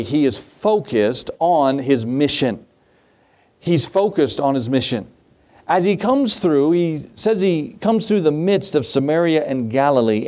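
A man's voice: mid-range voice, darkish tone. A man preaching a sermon, reading scripture and telling a folksy story in a conversational way. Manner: folksy and conversational, acts out voices in his story. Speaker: pastor.

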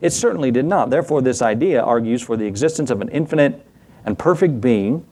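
A man's voice: mid-range voice, animated, a little fast, a little mellow, a little hiss or hum. A middle-aged man, a pastor, teaching a sermon in a conversational way, asking the congregation for responses and acting out small skits in quoted voices.

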